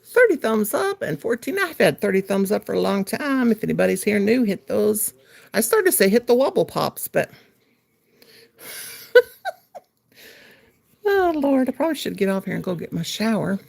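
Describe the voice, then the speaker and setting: A woman's voice: mid-range voice, sing-song, normal speed, creaky, a little mellow. A woman hosting a casual livestream from home while she crochets, telling a meandering story and chatting with viewers. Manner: rambling storyteller, reads out viewer comments. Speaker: livestream host.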